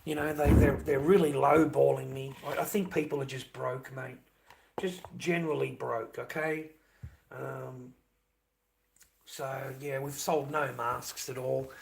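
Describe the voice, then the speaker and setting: A man's voice: mid-range voice, steady tone, a little slow, vocal fry, slight background noise. An older Australian man talking casually on a livestream, blunt and repetitive, swearing often as he vents.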